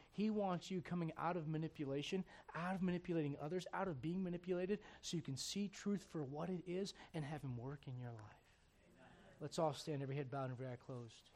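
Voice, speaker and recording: A man preaching a sermon, his voice sitting a bit high for a man. He tells scripture stories in a casual, conversational way, speeding up and leaning in as the story builds. The delivery is a pastor speaking to his congregation. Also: fairly quick, a little mellow.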